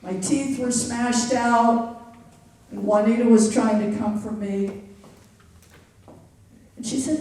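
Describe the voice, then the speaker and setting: A woman telling a story live on stage, deliberate and dryly wry, confiding in the audience. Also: fairly high pitch, steady tone, warm tone. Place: theater stage. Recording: echoey theater from far off.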